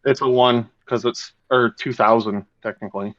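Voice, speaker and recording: A man's voice: medium pitch, fairly even intonation, moderate pace, no room sound. A man hosting a podcast in a loose, rambling casual chat, swearing freely as he explains things. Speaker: podcast host. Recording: dull lo-fi sound.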